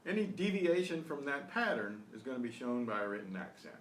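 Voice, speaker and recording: A man teaching a beginners' Spanish class online, explaining patiently and repeating each phrase slowly. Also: mid-range voice, sing-song, far from the mic. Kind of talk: online beginner language lesson. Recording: roomy echo with faint noise.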